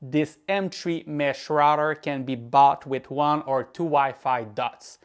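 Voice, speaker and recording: A man from Quebec whose first language is French, speaking English with a Quebec French accent as he gives a scripted tech product review in a measured, explanatory way. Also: fairly high pitch, steady tone, clean tone. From Quebec, Canada.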